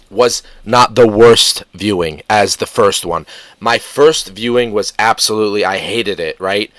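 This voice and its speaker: A man's voice: on the low side, a bit bright, no room sound. A man hosting a casual reaction commentary, rambling through fillers and self-corrections and talking back sarcastically to an article's author. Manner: sarcastic, argumentative, addresses the article's author directly. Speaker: commentary channel host.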